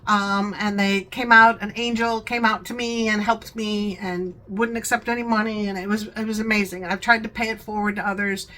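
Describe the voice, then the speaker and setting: A woman's voice: mid-range voice, level tone, moderate pace, few pauses, sharp tone, poor audio. A talkative woman hosting a home vlog, rambling chattily and laughing often. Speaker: vlogger, channel host.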